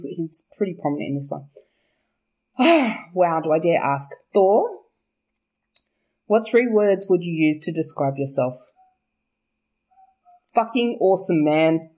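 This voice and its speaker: A woman's voice: lowish voice, a little mellow. A young woman, chatting casually about her book's characters, laughing often, swearing and correcting herself as she goes. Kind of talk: casual chat.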